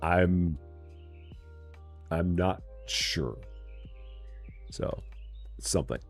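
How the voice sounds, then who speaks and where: Chatty low-voiced male game streamer. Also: expressive, extremely slow, pauses often, faint music behind. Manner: chatty, talks to himself and chat, jokey mock voices. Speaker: streamer playing a store simulator. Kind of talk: casual live-stream commentary.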